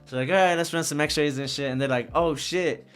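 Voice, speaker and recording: A young man, a rapper, telling a wild personal story in a casual, profane, animated way. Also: on the high side, brisk, smooth, faint music behind. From Socorro. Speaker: rapper guest.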